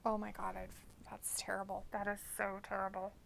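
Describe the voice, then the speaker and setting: A woman hosting a casual live watch-along stream, chatty and quick to react out loud, often asking questions. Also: mid-range voice, monotone, gravelly, a little hiss or hum. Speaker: stream host.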